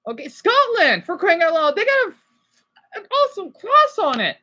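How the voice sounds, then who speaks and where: A woman's voice: extremely high pitch, sing-song, normal speed, bright, forceful tone. A woman from Arizona with an American accent, ranting through a rambling livestream monologue on a basic home setup and pressing her points with repeated "okay?"s. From Arizona, USA. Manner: rambling, emphatic, keeps asking "okay?".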